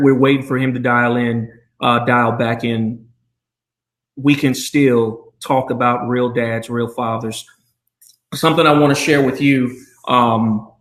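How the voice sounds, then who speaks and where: A man's voice: medium pitch, reverberant. A man hosting a live video chat, talking earnestly and rambling with many fillers. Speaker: show host.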